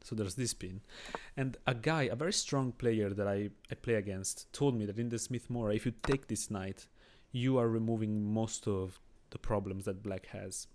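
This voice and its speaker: A man's voice: lowish voice, moderate pace, hardly any pauses, darkish tone, slight background noise. A man with a Swiss accent who is not a native English speaker, chatting with viewers and thinking aloud through a chess game on a live stream. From Switzerland. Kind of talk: casual live-stream commentary.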